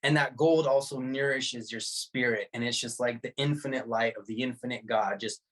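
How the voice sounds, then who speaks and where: A man in his thirties, a podcast guest, telling a personal story in a laid-back, animated way with slang and frequent laughs. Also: medium pitch, moderate pace. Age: 30s.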